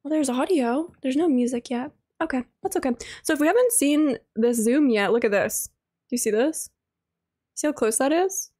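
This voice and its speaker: A woman's voice: sits high, normal speed, dark tone. A young woman streaming a game live, gushing and greeting her viewers one by one.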